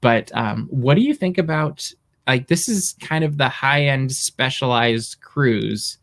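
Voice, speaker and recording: A man's voice: medium pitch, animated, unhurried, a bit bright. Man, podcast co-host, casual chat, rambling, filler-heavy.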